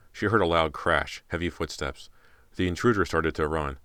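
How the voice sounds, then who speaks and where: A man's voice: rumbling low, normal speed, pushed and bright, clean tone, no room sound. A man narrating an audiobook in a tense, dramatic way. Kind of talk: scripted narration.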